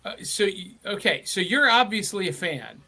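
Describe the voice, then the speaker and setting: A man's voice: high-pitched, lively intonation, normal speed, background noise. A middle-aged man from Middle Tennessee hosting a live online show, chatty and enthusiastic with frequent restarts. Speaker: host.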